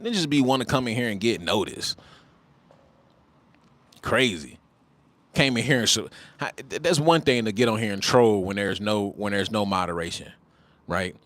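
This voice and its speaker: A man's voice: lowish voice, lively intonation, normal speed, a bit bright, no room sound. A man in his twenties hosting a casual livestream, talking bluntly with mocking, slangy banter and repeated phrases. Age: 20s. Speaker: livestream host.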